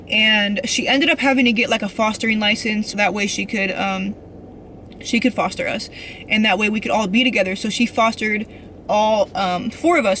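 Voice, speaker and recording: A woman's voice: medium pitch, fairly bright tone, slight background noise. A young woman vlogger telling an emotional personal story in a rambling, earnest way, full of fillers and restarts.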